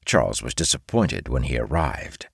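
A man narrating a fantasy audiobook in a steady storytelling manner. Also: rumbling low, normal speed, vocal fry, breathy edge, no echo, clean studio sound.

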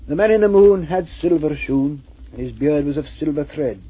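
A man recites rhymed verse in a lilting, rhythmic storybook manner. His voice is very husky and breathy, dark and mellow in tone, sitting a little high for a man. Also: rough recording. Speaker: reader. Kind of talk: poetry reading.

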